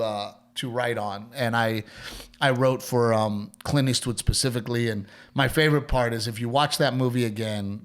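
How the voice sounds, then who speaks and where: Man telling a rambling story. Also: medium pitch. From Texas. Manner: rambling, animated, lots of fillers and restarts. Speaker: comedian and podcast co-host. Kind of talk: casual storytelling chat.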